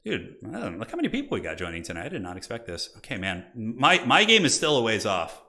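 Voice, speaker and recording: Male streamer-caster, chatty live commentary, lively pitch swings, bright forward tone. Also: quick pace. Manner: animated, chatty, talks to viewers in chat.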